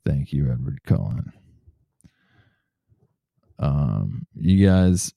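A man hosting a casual comedy podcast, swearing freely and reading news quotes aloud in a relaxed, joking way. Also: low voice, slow, vocal fry, dry recording, clean studio sound. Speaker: podcast host.

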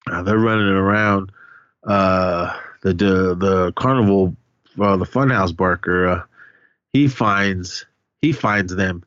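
Speaking slowly in a low voice, a man rambles through a casual podcast recap of a film, voicing the characters' cries and curses as he goes. The recording is muffled and has no room sound.

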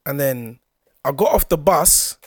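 Young man, high, dry casual slang. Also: expressive, a little slow, breathy edge, no echo. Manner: laid-back storytelling in street slang. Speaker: podcast co-host. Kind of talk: casual chat.

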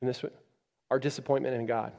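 A man preaching a sermon as a pastor, moving from loud, emphatic peaks down to quiet, low passages. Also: little pitch movement, quick pace, vocal fry, in a large hall. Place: church.

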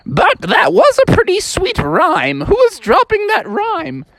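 Lady putting on a super high squeaky mom frog, giddy and rapping, swoops all over the place. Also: huge pitch swings, a little slow, vocal fry, exaggerated voice. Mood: delighted. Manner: squealing, sing-song, rhyming. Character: excitable rapping mother frog, loud and giddy.

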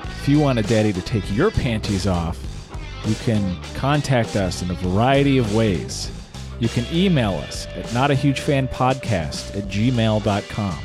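A man in his late thirties co-hosting a casual podcast in a dry, sardonic way. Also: on the low side. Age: 30s. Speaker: podcast co-host.

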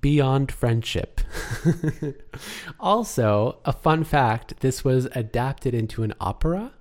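A man's voice: medium pitch, big pitch swings, takes it slowly. A man co-hosting a casual chat about a film, talkative, laughing often and trailing off mid-sentence. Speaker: podcast co-host.

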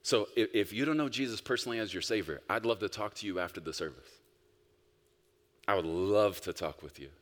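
A male pastor preaching a sermon, emphatic, swinging between loud bursts and soft, quiet stretches. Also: on the low side, fairly quick. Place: church sanctuary. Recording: long reverb of a large hall.

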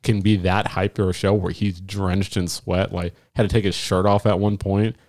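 A man with a fairly low voice chats casually on a podcast. He tells animated concert stories, curses freely and acts out what his friends said. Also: normal speed. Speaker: podcast co-host. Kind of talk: casual chat.

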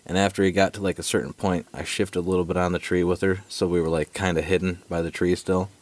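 A man's voice: low-pitched, fast talker. A man casually telling a long hunting story on a podcast, swearing freely and peppering it with "dude" and "right?". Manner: profane, animated storyteller, fillers like dude and right. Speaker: podcast co-host.

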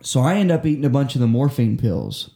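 A young man with a mellow, medium-pitched voice spins a long personal story in casual chat, talking fairly quickly with big swings in pitch. He swears constantly, rambles, and keeps restarting his sentences. The room has a noticeable echo.

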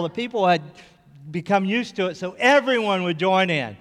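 A man's voice: high voice, moderate pace, fairly bright tone, in a large hall. A man preaching a sermon as pastor, telling a story and building to fervent repeated cries.

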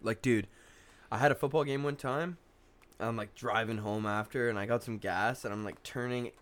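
A man's voice: medium pitch, normal speed. A young man co-hosting a podcast in casual chat, rambling through his stories with plenty of "like" and swearing. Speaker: podcast co-host.

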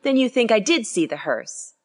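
A woman's voice: on the high side, sing-song, moderate pace, voice pushed up. A woman reading aloud and voicing an earnest young woman who swears to what she saw. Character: young female artist's model, earnest.

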